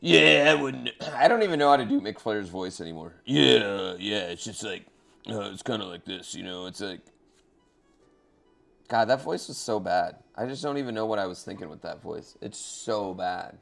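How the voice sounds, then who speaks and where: A man's voice: fairly low pitch, lively intonation, normal speed, creaky, fairly bright tone, faint music behind. A man chatting loosely to his viewers while playing a racing game, swearing and rambling in asides. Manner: loose, swearing, talks to chat. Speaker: streamer. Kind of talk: casual live-stream chat while racing.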